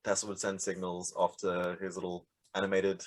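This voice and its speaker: A man playing a tabletop game, earnest and a little halting. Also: low voice, completely flat delivery. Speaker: player. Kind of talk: casual tabletop game chat.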